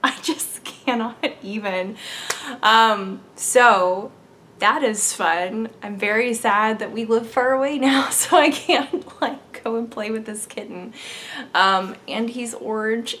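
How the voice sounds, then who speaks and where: A woman's voice: a little high, slow pace, fairly bright tone, slight background noise. A young adult woman hosting a knitting podcast, chatting casually and bubbly, laughing often. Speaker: podcast host. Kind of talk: casual chat.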